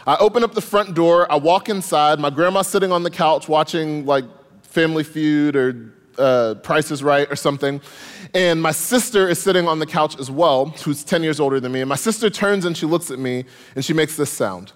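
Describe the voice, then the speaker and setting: Brief: young male storyteller, animated and comic, higher-pitched; hall with long reverb. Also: moderate pace. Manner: animated, comic, rising in excitement. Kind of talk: live stage storytelling.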